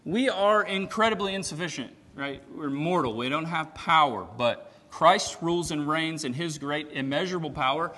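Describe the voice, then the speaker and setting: A man preaching a sermon in a conversational way, often checking in with "right?" and swinging between loud and soft. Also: fairly high pitch, normal speed, hardly any pauses. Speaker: pastor. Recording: long hall reverb.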